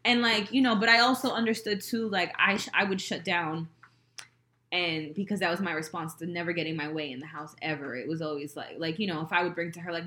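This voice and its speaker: Candid, profane woman co-host with a bright, forceful tone, recorded in a roomy space. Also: fairly low pitch, fast talker. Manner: animated, profane storytelling. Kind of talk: candid casual chat.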